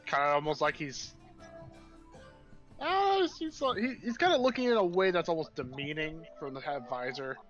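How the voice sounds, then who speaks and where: A man narrating as game master of a tabletop game, in a casual, relaxed way. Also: fairly high pitch, moderate pace, lo-fi sound, faint music behind.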